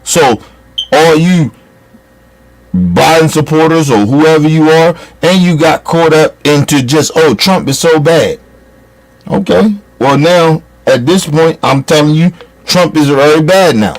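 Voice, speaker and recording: A man with a fairly high voice holds forth in a fiery political monologue. He curses freely and scolds his audience with heated, blunt delivery. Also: a little slow. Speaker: commentator.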